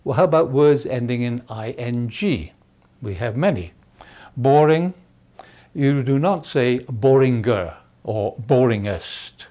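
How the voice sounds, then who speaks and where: An older man gives an unhurried lesson, with many pauses and "uh"s as he works through each point. His voice is of middling pitch and comes through a dull, lo-fi recording. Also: lively intonation. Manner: slow, halting explanation with many fillers. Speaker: English spelling teacher. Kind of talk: unscripted lesson.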